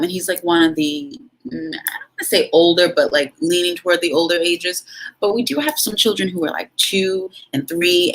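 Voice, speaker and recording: A woman vlogger tells a story straight to camera in a slightly low voice. She is frank and animated, leaning on dramatic pauses and asides to her viewers. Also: breathy edge, low-quality recording.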